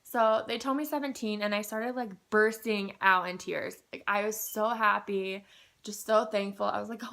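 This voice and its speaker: A young woman vlogging a casual personal update, chatty and excitable, with lots of ums and likes, a little groggy. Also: mid-range voice, moderate pace, gravelly. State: groggy after anesthesia.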